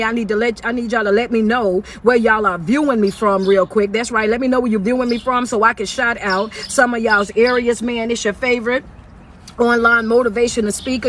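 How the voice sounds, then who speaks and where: A woman, a motivational speaker and life coach, giving an energetic live-streamed talk from her car, preaching in call-and-response style. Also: a little high, slight background noise. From South Carolina. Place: inside a parked car.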